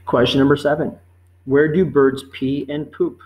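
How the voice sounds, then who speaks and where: A man teaching a life-skills quiz, reading each question slowly and patiently, then repeating it before giving the answer. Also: fairly high pitch, little pitch movement, low-quality recording. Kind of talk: quiz lesson narration.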